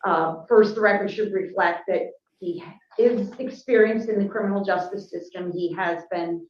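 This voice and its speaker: A woman prosecutor arguing formally before a judge, measured and careful, with frequent hesitations. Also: mid-range voice, a little hiss or hum. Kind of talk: formal courtroom argument. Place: courtroom. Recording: roomy courtroom audio, muffled.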